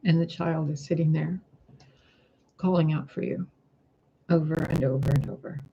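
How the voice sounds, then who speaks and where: A man reads tarot cards in a gentle, reflective monologue, his voice gravelly and husky. His tone is dark and mellow, and he stays close to one pitch. The recording sounds dull and lo-fi. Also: fairly even intonation, moderate pace. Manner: gentle, reflective, asks rhetorical questions. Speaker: tarot reader. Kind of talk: spiritual tarot reading monologue.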